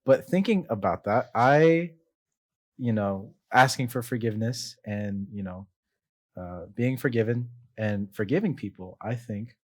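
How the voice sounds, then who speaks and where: Earnest young man hosting a podcast. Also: on the low side. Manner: earnest, reflective, halting. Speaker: podcast host. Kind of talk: casual faith podcast chat.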